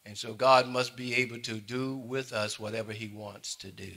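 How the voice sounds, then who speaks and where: A man preaching a sermon, swinging between loud calls and quiet asides to his congregation. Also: mid-range voice, steady tone, normal speed, hardly any pauses. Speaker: pastor.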